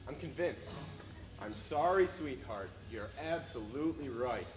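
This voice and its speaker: A man's voice: mid-range voice, animated, a little slow, faint music behind, lightly acted. A man playing a sardonic marriage cynic. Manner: sardonic, lecturing. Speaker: actor in a student stage play. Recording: echoey, noisy stage recording.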